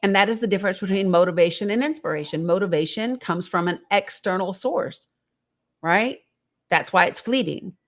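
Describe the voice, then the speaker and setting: A woman's voice: medium pitch, moderate pace. A woman hosting a live call-in show, talking in a conversational, reflective way and asking her listeners rhetorical questions. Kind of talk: encouraging live-stream talk.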